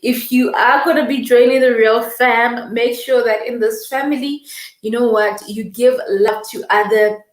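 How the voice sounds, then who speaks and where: A young woman hosting a livestream in a slightly high voice. She talks quickly and effusively, reading out viewer comments and answering them with warmth. The room around her is noticeably echoey. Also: steady tone. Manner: warm, effusive, reads viewer comments aloud; fast-talking, emotional, laughing. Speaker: livestream host. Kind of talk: casual livestream chat.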